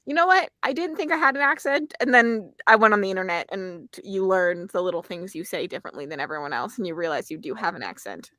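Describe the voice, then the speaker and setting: Talkative woman host, bright tone, dry close-miked sound. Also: medium pitch, fast, few pauses, no room sound. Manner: talkative, laughs easily. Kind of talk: casual livestream chat.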